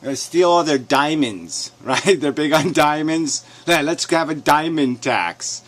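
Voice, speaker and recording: A man's voice: on the high side, slow, fairly bright tone. A man ranting in a sarcastic, mocking tone, swearing often and chuckling as he reacts to a clip. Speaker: commentator. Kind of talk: profane rant reacting to a clip.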